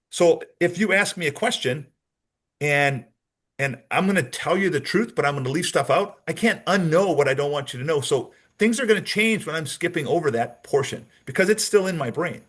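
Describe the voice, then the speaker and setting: Delivering a training lecture on spotting deception, a man walks through the material step by step, repeats the key points and acts out sample answers. His voice is a little high, somewhat bright and husky.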